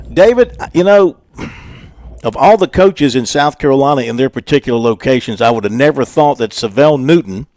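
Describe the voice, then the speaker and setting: A man hosting a radio sports show from the studio, relaxed and easygoing as he leads the segments. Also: medium pitch, dry recording. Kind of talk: casual radio sports talk.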